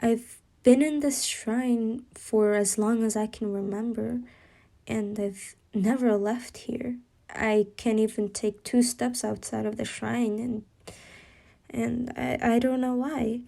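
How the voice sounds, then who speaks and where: A woman voicing a mistreated young shrine maiden girl who speaks softly and haltingly. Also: on the high side, steady tone, vocal fry. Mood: subdued.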